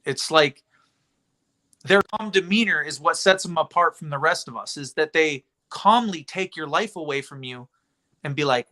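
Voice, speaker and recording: A man hosting a livestream, talking in a rambling, indignant, animated way. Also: fairly high pitch, moderate pace. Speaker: livestream host. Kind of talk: casual livestream chat.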